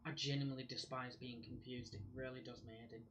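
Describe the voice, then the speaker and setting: A man's voice: medium pitch, little pitch movement, quick pace, fairly bright tone, lo-fi sound, slight background noise. A man giving live gameplay commentary as a streamer, muttering to himself and swearing at the game.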